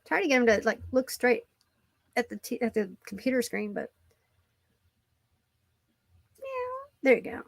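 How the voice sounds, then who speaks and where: Woman, casual vlog chat, rambling, fillers, fairly high voice, dry computer mic. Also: brisk, gravelly, no room sound. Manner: rambling, many "like" fillers, coos at her cat. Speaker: vlogger. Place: at home at her computer. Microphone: computer microphone.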